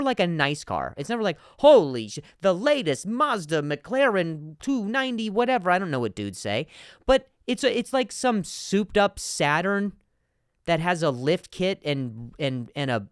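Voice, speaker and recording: A man hosting a comedy podcast, ranting in an animated monologue with frequent stutters and asides. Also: high voice, clear, resonant tone, dry recording, studio quality.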